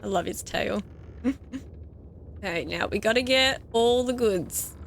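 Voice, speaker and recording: Excitable Australian woman gamer, slow talk. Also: medium pitch, gravelly, a little hiss or hum. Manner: excitable and gushing, laughs often. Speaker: let's play gamer. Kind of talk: nostalgic game commentary. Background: faint game music.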